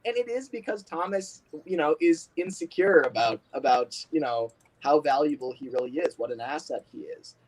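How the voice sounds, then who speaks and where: Animated man chatting on a livestream. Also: fairly high pitch, moderate pace, hardly any pauses, poor audio. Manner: animated, laughs often, many fillers. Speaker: livestream host. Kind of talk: casual livestream chat.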